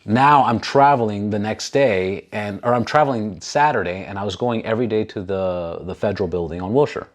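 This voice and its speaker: A man in his thirties hosts a casual talk show, telling stories animatedly, swearing plenty and acting out the people he quotes. His voice is on the low side and brisk, with hardly any pauses.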